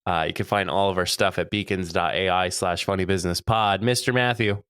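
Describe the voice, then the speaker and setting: Low-voiced man co-hosting a podcast. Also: fairly even intonation, fairly quick, fairly bright tone, clear, resonant tone, no room sound, clean studio sound. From Canada. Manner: playful, wrapping up the show. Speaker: podcast co-host. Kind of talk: casual chat.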